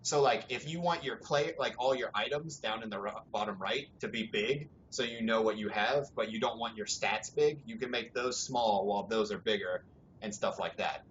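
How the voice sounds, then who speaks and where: A young man with a fairly low voice hosts a casual gaming podcast, rambling and swearing in a relaxed way. The sound is dull and lo-fi with a faint hiss behind him. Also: normal speed. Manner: relaxed, rambling, swears freely, laughs often. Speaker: podcast host.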